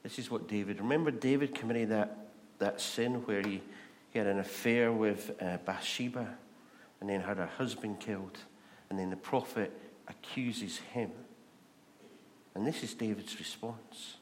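A man with a Scottish accent preaching a sermon, animated and asking the congregation rhetorical questions. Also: lowish voice, a little slow, slight background noise. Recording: long reverb of a large hall.

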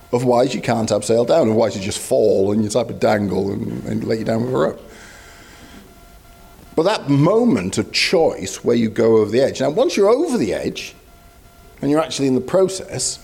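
Brief: male preacher, husky voice, chatty lively sermon delivery, faint music underneath. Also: medium pitch. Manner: conversational, animated, storytelling with asides.

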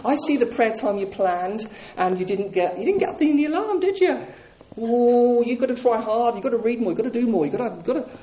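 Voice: medium pitch, animated, a little fast, hardly any pauses, dark tone, a little hiss or hum, natural voice. A preacher putting on the taunting, nagging voice of a sneering male devil who accuses the listener, in a roomy echoing hall.

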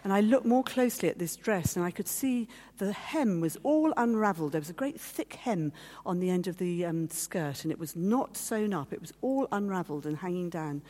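Warm-voiced woman giving a heartfelt testimony. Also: lowish voice, expressive, normal speed, hardly any pauses. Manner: storytelling, acting out quoted voices; heartfelt, at times teary. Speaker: guest speaker. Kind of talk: personal testimony talk. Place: meeting hall.

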